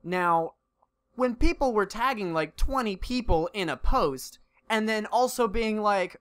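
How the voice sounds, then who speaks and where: A man's voice: high voice, animated, a little slow, fairly bright tone. A man co-hosting a casual podcast, rambling and restarting his sentences as he thinks aloud. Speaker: podcast co-host. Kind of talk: casual chat. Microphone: podcast mic.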